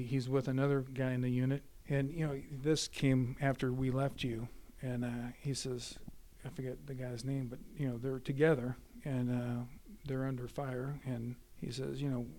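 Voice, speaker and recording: A man's voice: mid-range voice, moderate pace, few pauses. A man casually retelling his father's war stories, acting out the dialogue with animation. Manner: animated, acts out quoted dialogue. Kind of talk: casual storytelling.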